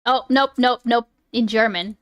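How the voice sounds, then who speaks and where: A woman's voice: on the high side, fairly even intonation, unhurried, a bit bright, no echo. A woman streamer chatting casually, swearing and laughing as she fumbles over a word. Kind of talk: casual live-stream chat.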